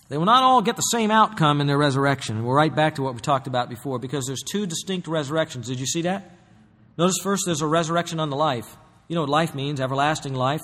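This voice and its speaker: A man's voice: a little high, a bit bright, long reverb tail. A man preaching a sermon as pastor, emphatic, with bursts of raised voice.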